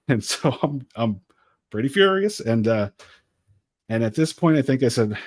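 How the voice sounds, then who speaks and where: Guy ranting through a long story on a podcast, mid pitch, dry sound. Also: a little slow, long pauses, no room sound. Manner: animated, exasperated retelling with acted quotes. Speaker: podcast co-host. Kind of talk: casual storytelling.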